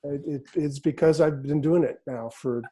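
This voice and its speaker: A middle-aged man, a hypnotist, talking casually in an interview and sliding into slow, hypnotic phrasing as he tells stories. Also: on the high side. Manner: relaxed and storytelling, drops into slow hypnotic phrasing. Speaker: hypnotist explaining his method. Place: office in a big city.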